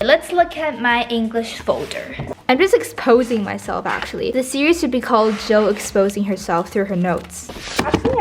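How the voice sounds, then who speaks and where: A woman's voice: fairly high pitch, a little hiss or hum. A teenage girl giving a casual vlog tour of her school notebooks, playful and giggly, hamming up what she reads aloud. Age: teens. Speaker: vlogger.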